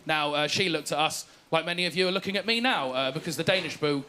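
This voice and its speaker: A man's voice: on the high side, fast, pushed and bright, slight background noise. A young man from England doing stand-up, telling self-mocking, posh stories and acting out the quotes. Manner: self-deprecating, posh storytelling with acted-out quotes. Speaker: stand-up comedian. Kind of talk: stand-up set.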